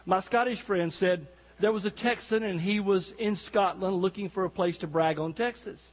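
Husky high-voiced folksy preacher man. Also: normal speed, long reverb tail, rough recording. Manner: folksy, joking, talks directly to the congregation. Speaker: guest pastor. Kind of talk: sermon. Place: church sanctuary.

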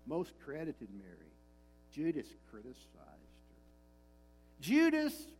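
A man's voice: a little high, a little hiss or hum, low-quality recording. A male pastor preaching a sermon, emphatic and repeating his key lines, with frequent rhetorical questions to the congregation.

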